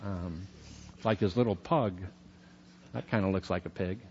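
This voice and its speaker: A man's voice: low-pitched, moderate pace, dull audio, slight background noise. A man teaching a sermon on scripture in a chatty, conversational way, with many fillers. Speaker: preacher.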